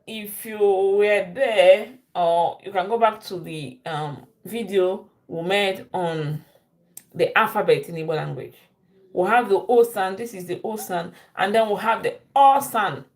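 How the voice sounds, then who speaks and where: Slow-paced woman teaching. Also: medium pitch. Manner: repeats phrases slowly for learners. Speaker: language teacher. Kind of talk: slow live-stream language lesson.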